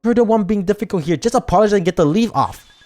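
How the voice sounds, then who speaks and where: A streamer reads the part of a prim, nagging teenage girl in a story game. Her voice jumps around with lively swings of pitch, and faint music plays behind her. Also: brisk, close to an everyday voice. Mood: indignant. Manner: indignant, nagging.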